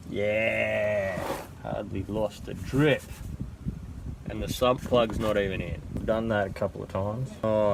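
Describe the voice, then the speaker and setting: A man's voice: lowish voice, creaky, background noise. An Australian man who is sick with a sore throat chats casually while working under a car, full of dry, joking sarcasm. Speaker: home mechanic vlogger.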